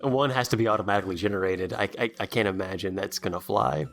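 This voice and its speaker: A man co-hosting a podcast, chatting casually about a movie with sarcastic jokes and quick silly character voices. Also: lowish voice, creaky, fairly bright tone, faint music behind. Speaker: podcast co-host. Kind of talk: casual movie commentary chat.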